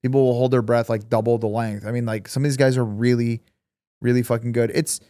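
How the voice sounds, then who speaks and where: A man's voice: medium pitch, flat delivery, brisk, dark tone, no room sound, clean studio sound. A man co-hosting a podcast, chatting casually in a rambling way with heavy swearing. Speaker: podcast co-host. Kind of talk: casual chat.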